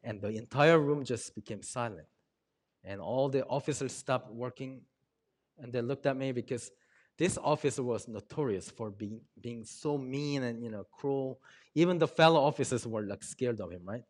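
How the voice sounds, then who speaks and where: An earnest man shares a personal testimony at a mid-range pitch for a man. He tells his story in a halting way, stopping often with small ums. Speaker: speaker sharing a personal testimony.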